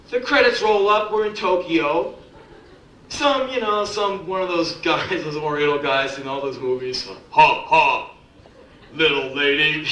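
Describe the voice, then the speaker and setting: A man's voice: high voice, bright, forceful tone, a little hiss or hum. Sardonic man telling stories in a roomy club. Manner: profane, sardonic, acts out quoted voices. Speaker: spoken-word performer. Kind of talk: live spoken-word storytelling. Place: live music club before an audience. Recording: roomy live club recording from a distance.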